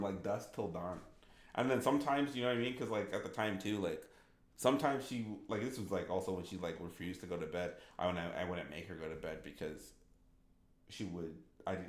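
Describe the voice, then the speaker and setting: Casting: man, 30s, low voice, loose rambling streamer chat, echoey room. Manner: rambling, full of "like" and restarts. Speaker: gaming streamer. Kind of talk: casual livestream chat.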